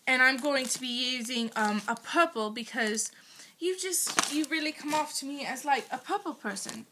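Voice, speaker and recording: A woman's voice: high voice, normal speed, noisy background. A teenage girl speaking in a put-on British accent, hesitant and playful, full of ums, explaining a school project into an iPad in her bedroom. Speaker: student. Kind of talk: homemade school project video. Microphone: iPad built-in mic.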